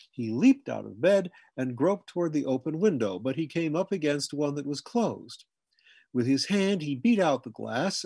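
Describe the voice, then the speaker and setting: A man reading a humorous memoir aloud in scripted narration, now and then jumping into loud, high shouts for the family members he quotes. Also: breathy edge, no echo. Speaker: audiobook reader.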